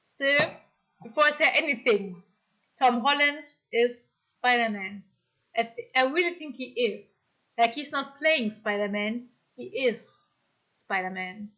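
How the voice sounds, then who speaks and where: High bright German-accented woman streamer. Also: measured pace, highs cut off. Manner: chatty, reads chat comments aloud, apologetic and excitable. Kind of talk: casual live-stream chat.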